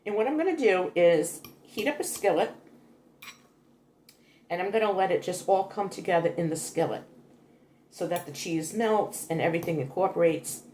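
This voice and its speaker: An older woman hosts a homey, casual cooking demonstration for her vlog in her home kitchen, chatty and prone to correcting herself as she explains a recipe. Her lowish, darkish voice has lively intonation and a moderate pace with frequent pauses, heard in a roomy space with slight background noise.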